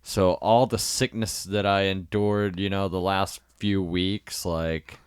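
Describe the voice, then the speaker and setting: A man with a very low, smooth voice, co-hosting a casual podcast. He makes dry jokes and swears now and then. The sound is dry and close. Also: steady tone, slow, no echo. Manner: joking, profane. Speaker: podcast co-host. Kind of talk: casual chat.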